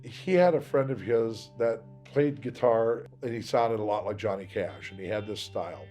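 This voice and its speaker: A man's voice: on the low side, moderate pace, mellow, faint music behind. A man from Seattle giving a candid, rambling interview, acting out the voices of people he quotes. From Seattle, USA. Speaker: interviewee, singer.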